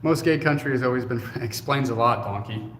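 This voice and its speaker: A man's voice: medium pitch, a little fast, fairly bright tone. A man co-hosting a casual livestream, reading viewer comments aloud and answering them in a joking, laid-back way with casual swearing. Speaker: co-host. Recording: echoey room with faint noise.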